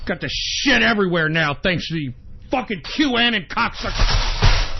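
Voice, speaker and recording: A man hosting an internet radio show, ranting angrily and profanely, often shouting, on a dull lo-fi recording. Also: sits high, animated, a little slow, creaky, soft background music. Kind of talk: angry talk-radio rant. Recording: dull lo-fi sound.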